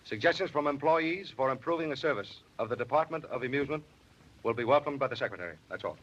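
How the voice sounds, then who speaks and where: A man plays a brisk, overworked government official in an old 1930s film, rattling off quick jokes in a bright, forceful voice. The sound is dull and lo-fi, with a faint hiss behind him. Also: mid-range voice, expressive, lightly acted. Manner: fast, breezy, joking.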